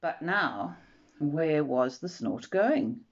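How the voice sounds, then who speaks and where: A woman reading a children's storybook aloud in an expressive, measured way. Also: low-pitched. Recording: dull lo-fi recording.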